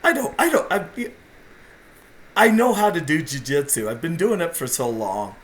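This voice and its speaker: A man's voice: a little high, sing-song, normal speed. A middle-aged man, a jiu-jitsu competitor and podcast guest, telling stories in a casual, intense and self-deprecating way. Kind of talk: casual storytelling.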